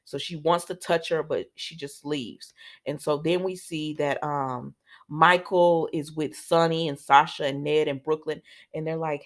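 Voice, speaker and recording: A woman recapping a soap episode in a casual, chatty way, talking straight to her viewers and quoting the characters as she goes. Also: low voice. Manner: animated, talks straight to viewers, slips into character quotes. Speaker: soap opera recap host.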